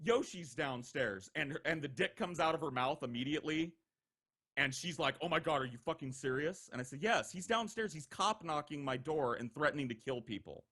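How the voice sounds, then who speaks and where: Animated, profane young man telling a story. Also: fairly high pitch, moderate pace, husky. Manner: animated, profane, acts out quoted voices. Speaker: podcast regular telling stories. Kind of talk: casual storytelling.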